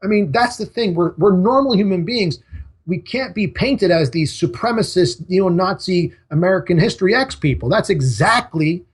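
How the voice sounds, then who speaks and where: A man's voice: high-pitched, expressive, normal speed, husky. A man talking as an interview guest, emphatic, in short punchy sentences. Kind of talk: casual interview talk.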